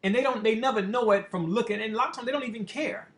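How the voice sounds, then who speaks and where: A man who is a motivational speaker, telling a personal story in a casual, profane, animated way. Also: sits high, fast. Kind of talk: storytelling monologue.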